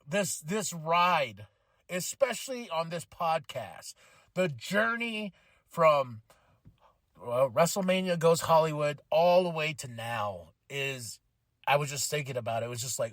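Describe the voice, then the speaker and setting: A man hosting a podcast, giving an excited, emotional casual recap of a wrestling show. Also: a little high, normal speed, no echo. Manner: excited, emotional, animated retelling with laughs. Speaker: podcast host.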